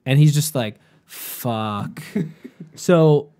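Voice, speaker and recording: A man's voice: mid-range voice, normal speed, a little mellow. A young man and podcast host telling a story in casual chat, rambling and profane, with lots of "like".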